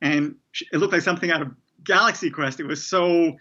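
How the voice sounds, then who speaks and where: A man's voice: a little high, a little fast, sharp tone. Rambling man, muffled lo-fi audio. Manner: rambling, many restarts and fillers. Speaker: TV showrunner guest. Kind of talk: casual interview conversation.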